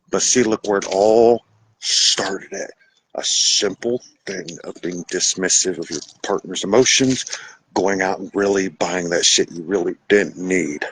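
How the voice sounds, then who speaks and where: A man hosting a podcast, lecturing about relationships in a blunt, casual way with some swearing, switching between fast bursts and slow, drawn-out emphasis. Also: on the low side, fairly bright tone, a little hiss or hum, low-quality recording. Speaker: podcast host. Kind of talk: relationship advice monologue.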